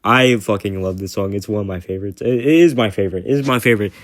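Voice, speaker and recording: A man's voice: on the low side, no room sound. Rambling man with a dry close sound. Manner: rambling, halting, many fillers and restarts, swears freely. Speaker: music commentator. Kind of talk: casual rambling talk.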